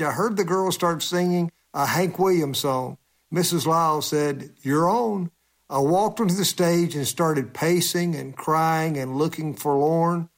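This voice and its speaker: A male humorist telling a funny personal story for a radio feature, chuckling as he talks. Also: fairly high pitch.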